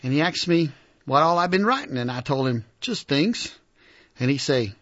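A man with a gravelly, husky voice, reading first-person audiobook narration in character with a halting, earnest, plain-spoken delivery. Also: fairly high pitch, sing-song, a bit bright, no room sound. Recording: dull lo-fi recording.

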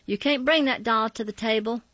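A woman's voice: fairly high pitch, a little fast, fairly bright tone, no echo, natural voice. A harsh house mother barks orders and threats, as a woman reader takes her part. Her speech is firm and scolding. The audio is dry and a touch muffled. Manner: scolding, commanding. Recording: slightly dull, dry recording.

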